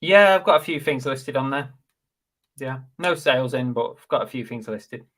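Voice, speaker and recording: A man with a mid-pitched voice hosts a casual live stream. He reads out comments and donations, slipping in dry jokes along the way. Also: lively intonation, moderate pace, fairly bright tone. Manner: dry, joking asides while reading donations. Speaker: host of a live reselling chat.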